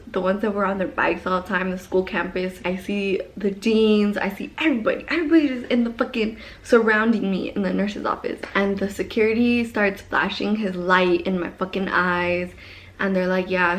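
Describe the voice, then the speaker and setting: A young woman vlogger telling a story in a casual, animated way, swearing a lot and rambling into asides. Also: medium pitch.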